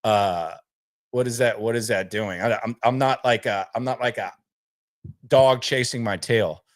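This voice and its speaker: A podcast host runs a laid-back sports live stream, rambling casually and often repeating words when he restarts a thought. His voice is medium in pitch and unhurried.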